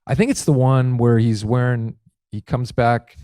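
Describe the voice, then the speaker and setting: A man as a podcast guest telling comic anecdotes, acting out quotes with lively energy. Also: mid-range voice, a little slow, smooth, no echo, clean studio sound. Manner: animated storytelling, acts out quotes.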